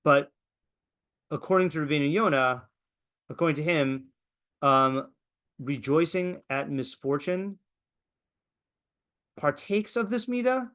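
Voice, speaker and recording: Rabbi teaching a casual class. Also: male voice, a little high, animated, slow pace, pauses often, fairly bright tone. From Eastern Washington, USA. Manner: conversational, many fillers and restarts. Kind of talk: casual lecture.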